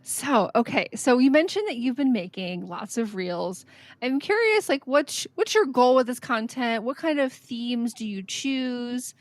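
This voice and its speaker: A woman's voice: a little high, lively intonation, measured pace, no echo. A woman hosting a podcast, asking her guest questions in a friendly, curious, casual way. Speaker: podcast host. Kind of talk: casual interview chat.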